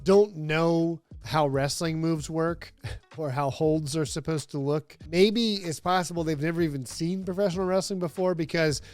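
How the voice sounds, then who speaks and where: A man's voice: fairly high pitch, normal speed, a little mellow, dry recording, soft background music. A man hosting a comedic wrestling review, talking casually and sarcastically with lots of fillers. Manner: rambling, sarcastic, many fillers, laughs often. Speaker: host.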